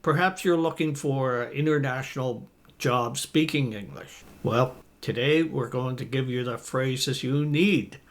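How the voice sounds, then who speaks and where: A man in his fifties teaching business English phrases to camera, reading example lines slowly and deliberately in an encouraging tone. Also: medium pitch.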